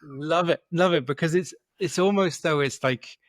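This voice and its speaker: A man's voice: fairly high pitch, normal speed, no echo, studio quality. A man hosting a podcast interview, talking casually and often repeating words as he gathers his thoughts. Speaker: podcast host.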